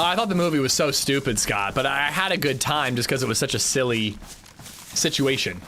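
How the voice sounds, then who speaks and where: Bright-voiced male game streamer. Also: mid-range voice, animated, brisk, slight background noise. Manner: chatty, stretches out names while thanking viewers; flustered, stammering gratitude. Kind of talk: casual livestream gameplay commentary.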